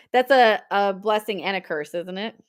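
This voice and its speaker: A woman's voice: medium pitch, a little slow, clear, resonant tone. A woman in her forties hosting a live-stream sale, chatting casually, telling stories with frequent laughter and reading out viewer comments.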